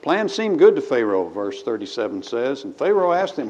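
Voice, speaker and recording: A man's voice: mid-range voice, very animated, moderate pace, hardly any pauses, darkish tone. A man preaching a sermon in a church. He talks in a folksy way and reads scripture aloud with rising emphasis. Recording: slightly dull recording with faint ambience.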